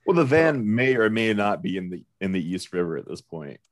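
A man's voice: fairly low pitch, sing-song, a little fast, dry recording, studio quality. A man co-hosting a podcast, chatting casually with wry, joking complaints. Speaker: podcast co-host. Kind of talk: casual chat.

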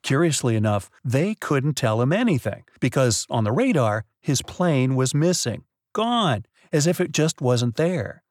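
A man's voice: mid-range voice, sing-song, unhurried, darkish tone, no echo, clean studio sound. A man co-hosting a podcast, patiently telling a mystery story with dramatic build-ups. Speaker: podcast co-host. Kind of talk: casual storytelling chat.

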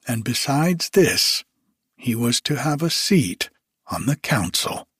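A man narrating a fairy tale in a slow, measured storybook reading. His voice is husky and the pace very slow. The recording is dry and close. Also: medium pitch, big pitch swings, a bit bright, no echo.

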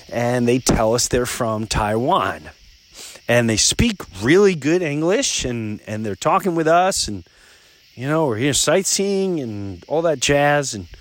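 Male podcast host, casual storyteller, lively and repetitive delivery. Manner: animated, with big jumps up in pitch when excited; repeats himself and restarts mid-sentence.

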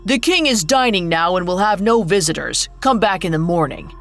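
A woman's voice: fairly low pitch, expressive, normal speed, soft background music. A woman doing a curt castle guard.

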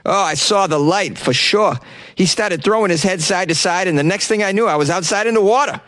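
A man's voice: sits high, a bit bright, no room sound, pitched above the performer's own voice. A man doing a rattled middle-aged Boston fisherman who stumbles and repeats himself. The voice is raised above the man's own and sounds dry and close. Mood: relieved. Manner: halting, repeats words. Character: middle-aged male diver, shaken and rambling.

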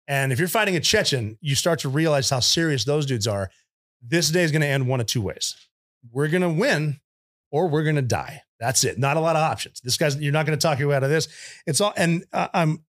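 Blunt, profane veteran man, higher voice. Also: fairly bright tone. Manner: acts out voices in anecdotes. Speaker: military veteran guest. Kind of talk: casual war storytelling.

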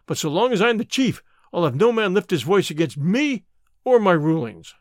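A man's voice: high-pitched, sing-song, normal speed, dry recording, studio quality. A man doing a domineering, blustering lodge boss. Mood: commanding. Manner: loud, commanding, switches to hearty bluster. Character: burly domineering male lodge boss, bluff and menacing.

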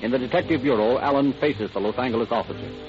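A man narrating a radio crime drama in a measured, formal 1940s announcing style. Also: mid-range voice. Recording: muffled old radio broadcast. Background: music.

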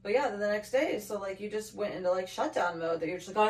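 A young woman co-hosting a casual podcast, talking emphatically and animatedly, with many fillers, and swinging between quiet and loud. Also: mid-range voice, fast talker. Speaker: podcast co-host. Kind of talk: casual personal chat. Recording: roomy echo, from far off the mic.

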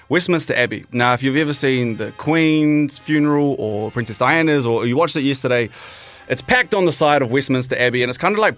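A man's voice: medium pitch, a bit bright. A man, a podcast host chatting casually and rambling through a story. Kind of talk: casual chat.

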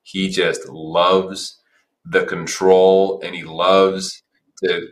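A man hosts the interview in a very low, deep voice. He gives short reactions and then stops to add his own reflective comments on what the guest has said. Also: level tone, extremely slow. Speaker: interview host. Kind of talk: casual interview chat.

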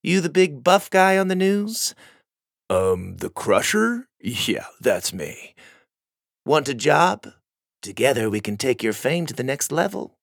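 A man's voice: mid-range voice, big pitch swings, takes it slowly, vocal fry, dry recording, voice pushed up, full character voice. A man doing a smug, greedy female studio boss.

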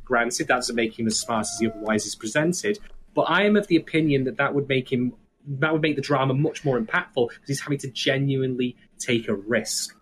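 A man hosting a casual podcast, talking in a measured, hedging way with many fillers. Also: medium pitch, slight background noise. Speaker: podcast host summarizing the episode.

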